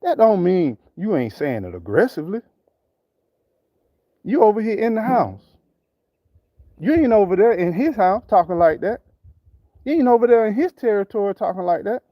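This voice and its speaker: Fired-up man ranting, high and lively. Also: normal speed, long pauses, no echo, muffled recording. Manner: preachy, repetitive, street slang. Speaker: channel host. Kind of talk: impassioned commentary.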